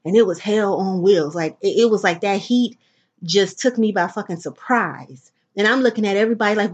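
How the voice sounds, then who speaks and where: This is a woman talking on her solo podcast, clearly tired. She rambles from story to story and swears casually. Her voice sits at an ordinary middle pitch. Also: fairly quick. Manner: profane, rambling, animated storytelling. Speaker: podcast host.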